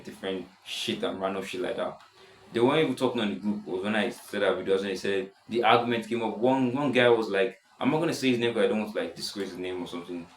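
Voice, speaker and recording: A seventeen-year-old boy with a deep voice, rambling casually in a self-improvement vlog, full of restarts. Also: echoey room, slight background noise, low-quality recording. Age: teens. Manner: rambling, many restarts and "stuff like that". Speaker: vlogger.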